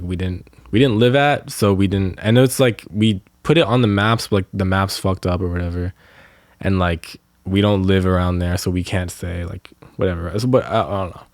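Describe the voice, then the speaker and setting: A man's voice: low voice, no echo, clean studio sound. A young man, a podcast co-host, ranting in casual chat with lots of swearing and filler words. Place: Los Angeles area.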